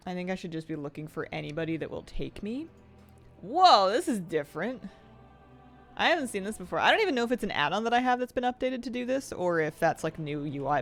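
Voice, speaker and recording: A woman streamer chatting casually while she plays, rambling and thinking aloud with easy laughs. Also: medium pitch. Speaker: game streamer. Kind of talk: casual live-stream chat while gaming.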